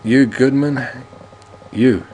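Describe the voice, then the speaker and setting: A man's voice: medium pitch, slow pace, darkish tone, a little hiss or hum, voice pushed up, natural voice. A man reading the lines of a gloating, ruthless male villain aloud in a mocking tone, stumbling now and then.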